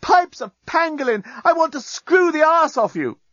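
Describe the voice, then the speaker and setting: A man reading a story aloud and voicing an excitable, lusty alien male journalist in a high, eager voice. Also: brisk, breathy edge, dry recording, muffled recording. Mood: loud.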